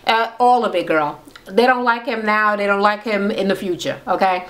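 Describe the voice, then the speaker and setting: A woman's voice: mid-range voice, normal speed, a bit bright. A woman casually recapping a reality show, swearing freely and acting out everyone's lines in different voices. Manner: profane, acts out quotes in varied voices. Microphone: camera mic.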